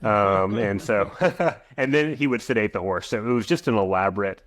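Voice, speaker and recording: Guest, male, 40s, very low voice, dry close sound, rambling explainer full of restarts. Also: normal speed, no echo. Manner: rambling, frequent restarts and asides. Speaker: guest, equine veterinarian. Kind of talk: podcast interview.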